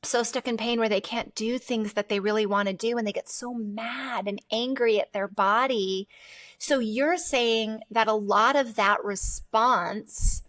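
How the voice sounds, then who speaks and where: A woman hosting a podcast interview, asking long questions and thinking aloud in an animated way. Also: on the high side, a little slow. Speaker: podcast host. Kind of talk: conversational interview.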